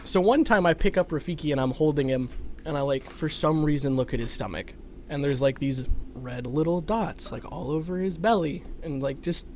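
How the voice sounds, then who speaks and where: Animated man telling a pet story. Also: on the high side, moderate pace, a little hiss or hum. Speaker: podcast co-host. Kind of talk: casual chat.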